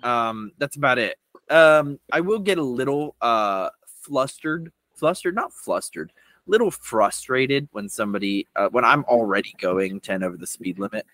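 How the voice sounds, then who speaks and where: A man's voice: medium pitch, lively intonation, moderate pace, a bit bright, no echo, poor audio. A young man co-hosting a podcast in casual chat, laughing often and correcting himself as he goes. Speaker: podcast co-host.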